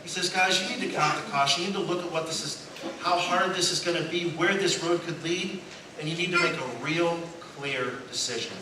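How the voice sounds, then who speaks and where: A fairly high-pitched man speaks fairly quickly while preaching, weaving funny stories into the sermon. He takes on the voices of the people he quotes and laughs at what he finds funny. The sound is noisy and echoey, recorded from far off in a church sanctuary.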